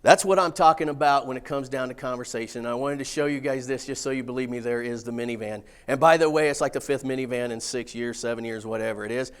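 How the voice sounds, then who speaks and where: A man's voice: mid-range voice, fast talker, hardly any pauses, clear, resonant tone. Folksy man telling stories. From Missouri. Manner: folksy, animated, casual swearing. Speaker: speaker. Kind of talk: storytelling keynote talk.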